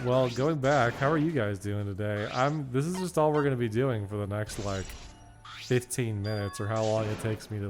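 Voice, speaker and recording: A young man streaming a video game from his home setup, ranting and swearing at himself in casual, self-mocking commentary. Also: lowish voice.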